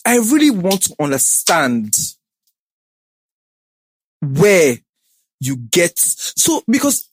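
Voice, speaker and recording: Husky lively interviewer. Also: medium pitch, drawn-out words, pauses often, no echo. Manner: probing, chatty, swears casually. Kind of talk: casual interview chat.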